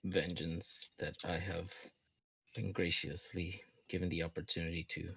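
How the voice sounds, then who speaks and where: A man's voice: low-pitched, normal speed, creaky, a little hiss or hum, heavily acted, low-quality recording. A man playing a terse stoic warforged construct. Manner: terse, flat, clipped answers.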